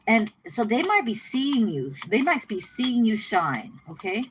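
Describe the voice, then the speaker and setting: A woman giving a casual tarot reading to her viewers, chatty and excitable, often repeating herself and laughing. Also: on the high side, measured pace, slight background noise, rough recording. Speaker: tarot reader.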